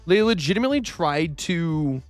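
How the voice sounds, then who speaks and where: A man's voice: on the high side, sing-song, normal speed, dry recording, soft background music. A young man chatting casually while streaming a game, rambling with lots of fillers and casual swearing. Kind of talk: casual gaming livestream chat.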